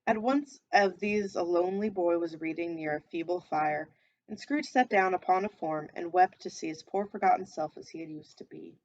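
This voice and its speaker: A woman reading a classic novel aloud in an even, measured storytelling manner, stopping now and then to comment. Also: fairly low pitch, lo-fi sound. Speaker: reader.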